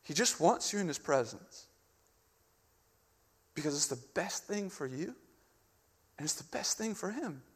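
A young adult man preaching a sermon, swinging between loud, urgent calls and hushed, intimate passages. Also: a little high, very animated, measured pace, pauses often, husky. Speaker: pastor. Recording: long reverb of a large hall.

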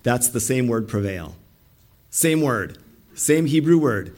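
A middle-aged male pastor preaching a sermon in an animated way, acting out the voices he quotes. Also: mid-range voice, takes it slowly.

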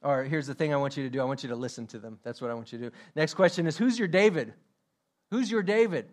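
Man, pastor preaching, higher pitch, emphatic, repeats questions, self-deprecating jokes. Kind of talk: sermon.

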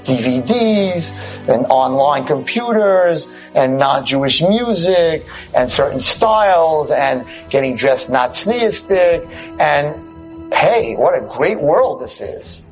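A man telling a parable in a sermon, animated and conversational. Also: a little high, takes it slowly, faint music behind, low-quality recording. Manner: animated, conversational, asks "right?". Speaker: religious teacher. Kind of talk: sermon storytelling.

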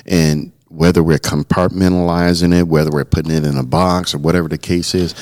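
His voice is low, brisk, and a little mellow, with little pitch movement. The middle-aged pastor and podcast co-host earnestly recounts something from his own life, often restarting and repeating words when beginning, in casual talk.

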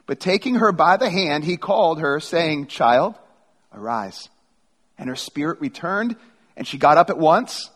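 A man's voice: fairly high pitch, fairly bright tone, slightly rough. A middle-aged man preaching a sermon as a pastor, reading scripture and telling stories casually, often restarting his phrases. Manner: conversational storytelling with repeated restarts. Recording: long hall reverb.

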